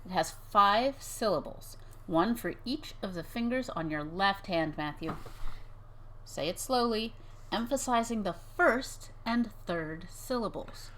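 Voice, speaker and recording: A woman's voice: mid-range voice, lively intonation, measured pace, a bit bright, slight background noise. A woman illustrator co-hosting a live reading, reading a picture book aloud and teasing her partner with frequent giggles. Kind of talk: casual live-stream reading.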